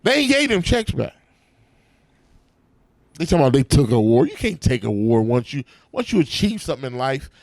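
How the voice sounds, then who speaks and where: Animated, gravelly-voiced man telling stories. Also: mid-range voice, normal speed, pauses often, dry recording. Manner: profane, animated storytelling with acted-out quotes. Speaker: actor and comedian, interview guest. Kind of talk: casual interview. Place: backstage at a comedy club.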